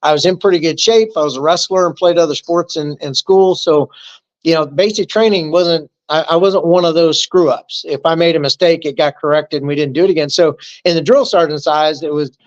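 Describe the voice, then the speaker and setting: A man's voice: on the high side, fairly quick, muffled recording. A man in his fifties, an army veteran, telling stories in a casual, joking interview. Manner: joking, easygoing storyteller who acts out quotes.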